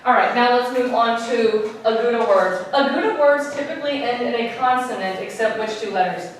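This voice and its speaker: A woman's voice: a little high, moderate pace. A woman teaching a classroom lesson, patiently repeating her questions and stretching out words to show where the stress falls. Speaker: Spanish teacher. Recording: echoey classroom, taped from a distance, noisy.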